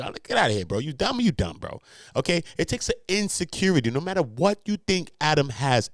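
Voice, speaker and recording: A man's voice: medium pitch, dry recording, clean studio sound. Brash swearing male commentary host. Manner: brash, swearing, laughing, slangy. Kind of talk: casual commentary.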